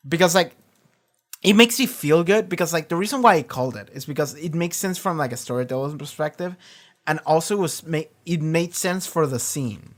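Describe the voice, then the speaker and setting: In a voice on the high side, a man talks fairly fast through rambling reaction commentary from his home stream. He's animated and casual, swears often, and keeps backing up to restart sentences.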